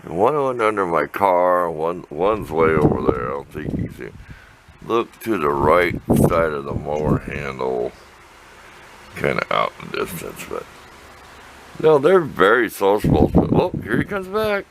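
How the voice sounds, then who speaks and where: A man's voice: rumbling low, very animated, a little slow, vocal fry, heavy background noise. An older man vlogging outdoors by his shop, talking to the camera in a folksy, rambling way, sometimes answering himself. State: out of breath. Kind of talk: casual outdoor chat to camera.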